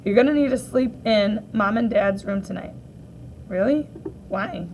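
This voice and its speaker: Woman, children's read-aloud, expressive character voices, faint background hiss. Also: mid-range voice, unhurried, low-quality recording. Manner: expressive, gently voicing each character. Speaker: teacher reading aloud.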